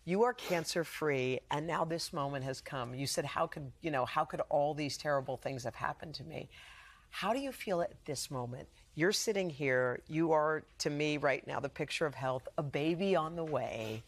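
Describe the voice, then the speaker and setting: A woman interviewer for television, attentive, summing up the story and asking gentle questions. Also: low-pitched, moderate pace.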